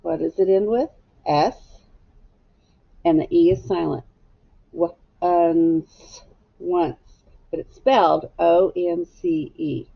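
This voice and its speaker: A woman teaches a phonics lesson to young children, spelling each word slowly and patiently, one letter at a time. Her voice has a gravelly edge at a middle pitch, and she speaks at a very unhurried pace. The sound is dull and lo-fi, like a home-made video.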